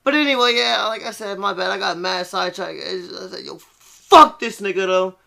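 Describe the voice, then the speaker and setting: High-pitched man in a profane mocking rant. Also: moderate pace, vocal fry, sharp tone. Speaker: commentator. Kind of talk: heated rant commentary.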